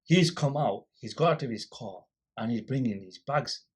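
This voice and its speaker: A man's voice: mid-range voice, moderate pace, breathy edge. A man guest on a podcast, casually telling a story and acting out the people in it. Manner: animated storyteller acting out quoted exchanges.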